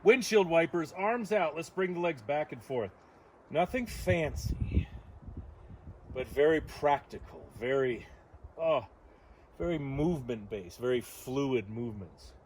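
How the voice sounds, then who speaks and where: A man leading a morning yoga stretch outdoors, giving calm instructions with playful joking asides. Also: fairly high pitch, unhurried, slight background noise. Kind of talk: guided yoga class. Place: outdoor deck on a windy morning.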